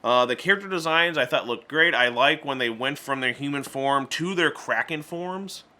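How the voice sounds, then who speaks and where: Male movie reviewer, casual and chatty, restarts a lot, mid pitch, bright edgy tone. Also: moderate pace. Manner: chatty, stumbling restarts, acts out character lines in voices.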